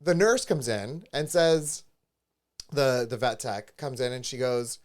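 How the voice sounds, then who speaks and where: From a live-streamed studio, a man co-hosting a podcast tells an animated story in casual conversation, doing the voices of the people he quotes. His voice is medium-pitched and unhurried.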